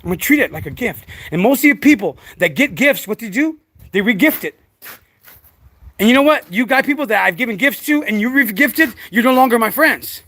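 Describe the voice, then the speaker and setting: A man's voice: very high-pitched, animated, a little fast, sharp tone, dry recording. A man talking casually to camera about raising his dogs, rambling and preachy, with many restarts and fillers, outdoors. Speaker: dog breeder.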